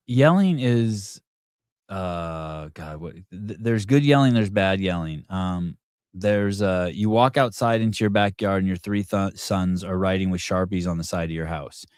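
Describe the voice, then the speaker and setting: Rambling low-voiced man hosting a chat show. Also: slow pace, clear, resonant tone, no echo, studio quality. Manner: rambling, restarts often, shouts quoted yells. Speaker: podcast host. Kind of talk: casual morning show chat with callers.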